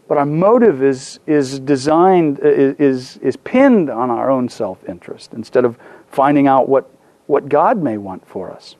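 A middle-aged pastor delivers a sermon in a high, light voice, recorded dry and close. He drifts into a personal anecdote with self-deprecating humor, often restarting his phrases. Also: expressive, normal speed, a little mellow, no room sound.

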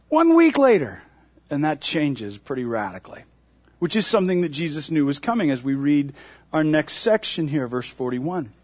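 A man preaching a sermon as pastor, animated and acting out crowd voices as he reads and explains scripture. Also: no room sound. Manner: animated, acts out crowd voices with big pitch jumps.

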